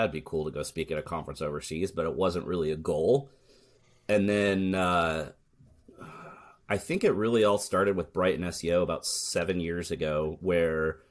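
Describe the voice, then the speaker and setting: Low-voiced candid American man. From United States. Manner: candid, storytelling, swears, jokes sarcastically. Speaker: podcast guest, search marketer. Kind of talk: casual podcast interview.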